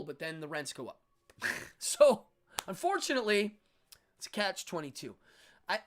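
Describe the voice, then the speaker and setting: A man's voice: sits high, a bit bright. A middle-aged man hosting a casual talk show, rambling through chatty stories and acting out quotes. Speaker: host. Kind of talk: casual monologue.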